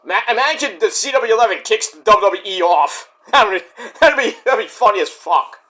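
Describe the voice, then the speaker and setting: Man, high voice, bright tone, sarcastic wrestling review, swears freely. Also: expressive, normal speed. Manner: sarcastic, profane, mocks wrestlers in put-on voices. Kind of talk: casual solo review rant.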